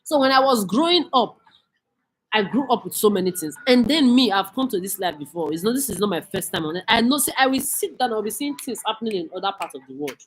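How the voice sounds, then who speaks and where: A woman's voice: medium pitch, lively intonation, quick pace, slight background noise. A woman from Nigeria, delivering a heated, profane, accusing rant as a vlogger. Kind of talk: angry profane rant to camera.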